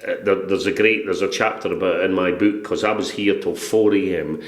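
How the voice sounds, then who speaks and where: A man in his sixties with a Scottish accent, a broadcaster telling stories as a podcast guest, animated and swearing freely. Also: deep voice, brisk, reverberant. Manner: lively storyteller, swears freely. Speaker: guest, broadcaster and stadium announcer. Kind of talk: casual podcast chat.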